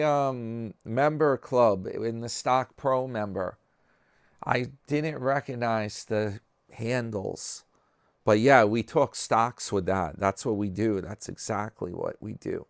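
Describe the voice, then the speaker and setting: A man's voice: lowish voice, slow pace, vocal fry, dry recording, clean studio sound. A man hosting a vlog in casual chat, reading viewer comments aloud with a wry, chatty manner.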